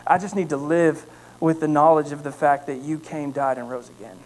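A man preaching a sermon as pastor, telling a story with lively emphasis and then praying quietly. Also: on the high side, moderate pace, low-quality recording. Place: church sanctuary.

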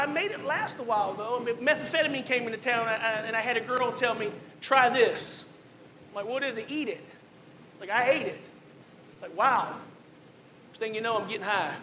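A man's voice: extremely high pitch, pushed and bright, a little hiss or hum. Man, pastor, testimony sermon, conversational asides, roomy church echo, faint ambience. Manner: candid storytelling, conversational asides. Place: church sanctuary.

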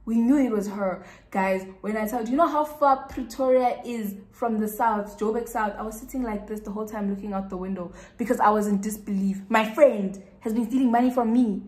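A woman's voice: fairly high pitch, a little fast, hardly any pauses, a little mellow. A South African woman telling a casual storytime to her viewers, chatty and repeating words for emphasis. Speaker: YouTuber. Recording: echoey room.

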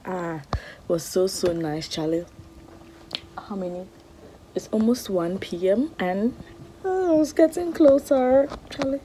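A young woman vlogging to her phone in a living room, emotional and soft-spoken, at times dropping to a whisper. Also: medium pitch, lively intonation, a little slow, noisy background. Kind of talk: emotional travel vlog to camera.

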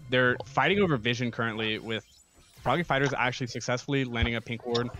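A man giving relaxed color commentary on an esports match, with lots of fillers and easy laughter. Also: mid-range voice, fast talker, faint music behind. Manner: casual, filler-heavy, laughs often. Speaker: esports co-caster.

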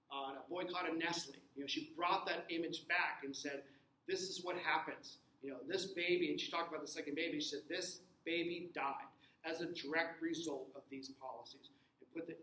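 A man's voice: a little high, a bit bright. A man teaching a recorded lecture, repeating words and checking in with the class as he explains. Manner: repeats himself, checks in with "okay?". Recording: echoey room with faint noise.

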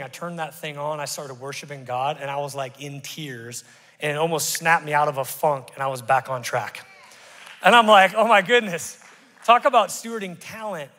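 A middle-aged man preaches from the pulpit in a casual, animated way, swinging from quiet asides to sudden loud bursts. His voice sits a bit high for a man. The sound rings with the long reverb of a large church hall. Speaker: pastor. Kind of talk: sermon. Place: church sanctuary.

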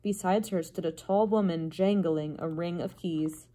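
A woman librarian reading a chapter book aloud to children with an expressive, dramatic delivery. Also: lowish voice, unhurried. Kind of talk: storybook read-aloud.

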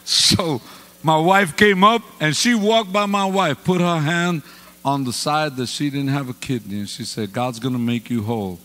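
A man preaching a storytelling sermon as pastor, swinging from quiet asides to loud exclamations, speaking into a microphone in a church sanctuary. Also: fairly high pitch, a little slow. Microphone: handheld or stand mic. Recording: reverberant church hall with faint hum.

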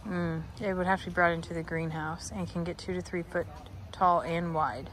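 In this casual walking vlog, a chatty woman browses an outdoor garden center and talks to plants and a dog. She speaks at a moderate pace with a fairly low, fairly bright voice and fairly even intonation, over a little hiss or hum.

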